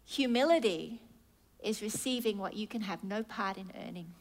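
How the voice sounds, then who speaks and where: A woman pastor preaching a sermon, acting out prayers and God's replies as little dialogues, dropping to a hush and then rising loud. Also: medium pitch, normal speed.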